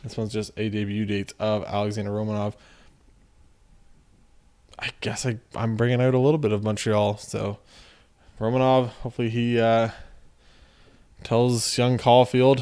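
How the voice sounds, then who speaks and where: A man with a somewhat low voice talks casually as he opens packs of cards. He reads names off in quick runs and drops jokes along the way, loose and chatty. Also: flat delivery, warm tone, smooth. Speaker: card-opening channel host. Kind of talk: casual commentary while opening card packs.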